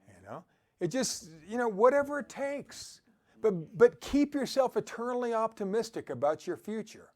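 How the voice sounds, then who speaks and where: A man's voice: very high voice, animated, moderate pace, a little mellow. A man giving an upbeat motivational talk who exhorts his listeners and often laughs. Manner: quotes scripture. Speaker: motivational speaker.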